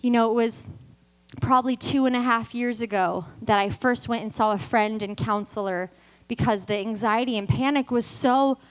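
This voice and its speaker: Lively woman preaching a story-driven sermon. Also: a little high, normal speed, poor audio. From California. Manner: lively storyteller who acts out dialogue. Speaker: guest preacher. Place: church service.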